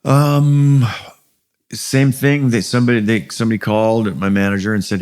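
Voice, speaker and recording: A man's voice: on the low side, fairly even intonation, a little fast, a little mellow, clean tone. A man in his sixties with an American accent, talking casually as an interview guest, rambling with many fillers and restarts. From USA. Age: 60s. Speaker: guest musician.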